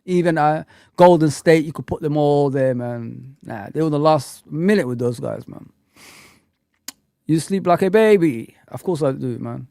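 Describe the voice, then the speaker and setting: A man hosting a casual livestream chat, talking in an animated, rambling, slangy way. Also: on the high side, moderate pace, dry recording, clean studio sound. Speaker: host.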